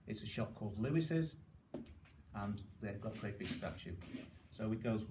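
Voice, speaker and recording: A man's voice: fairly low pitch, darkish tone, distant mic, slight background noise. Chatty Liverpool man in an echoey room. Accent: Liverpool (Scouse). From Liverpool, England. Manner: chatty, explains slowly and checks in with "okay?". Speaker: speaker giving a talk. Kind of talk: informal talk to learners.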